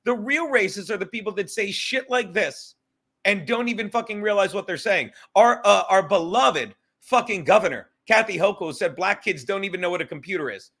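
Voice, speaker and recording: A man's voice: sits high, expressive, fairly bright tone. A man hosting a podcast, ranting and joking in casual chat, with crude, profane humor. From New York. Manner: profane, joking, quick rants. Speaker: podcast host.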